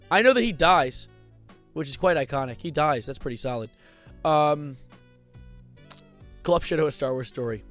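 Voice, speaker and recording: An excitable young man rambles through casual livestream commentary, swearing freely and bursting into loud outbursts. His voice sits fairly high for a man, with faint music playing behind. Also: normal speed, long pauses. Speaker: streamer.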